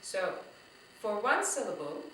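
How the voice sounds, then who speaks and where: Bright-voiced woman teaching kids in an echoey room. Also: mid-range voice, very animated, distant mic, a little hiss or hum. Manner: slow, encouraging, talks straight to the kids. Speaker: music teacher for young children. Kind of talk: children's drumming lesson.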